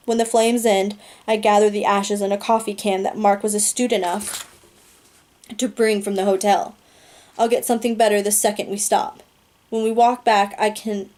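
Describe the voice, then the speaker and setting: Woman reading a book out loud, earnest and steady, soft mellow voice. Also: mid-range voice. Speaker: audiobook reader. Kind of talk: reading a novel aloud.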